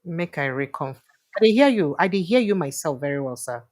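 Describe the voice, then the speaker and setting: Low-voiced Nigerian woman hosting. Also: lively intonation, brisk, darkish tone. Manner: chatty and informal, with filler sounds. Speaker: host. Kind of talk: livestream interview, switching between Pidgin and English.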